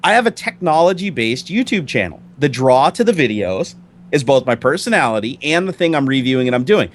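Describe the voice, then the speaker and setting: A man speaks as a guest on a casual tech show, rattling through his words at a rapid clip. He sounds excitable and pokes fun at his own habits. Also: medium pitch, slight background noise. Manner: rapid, excitable, self-deprecating. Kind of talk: casual chat.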